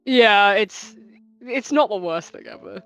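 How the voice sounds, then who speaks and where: A woman chatting casually about a video game, animated and laughing, often quoting lines in put-on voices. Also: medium pitch, a little slow, no echo, soft background music. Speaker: streamer's co-host. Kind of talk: casual gaming chat.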